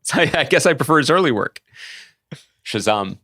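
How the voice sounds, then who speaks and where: A man co-hosting a podcast, riffing in casual chat with an animated, sarcastic and profane manner. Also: mid-range voice, normal speed, no echo. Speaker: podcast co-host.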